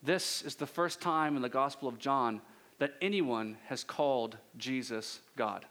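A male pastor preaching a conversational sermon with rhetorical questions and drawn-out pauses. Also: high-pitched, sharp tone.

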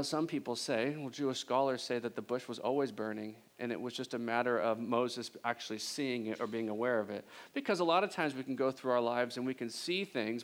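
A man preaching a sermon in a casual, animated storytelling way. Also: medium pitch.

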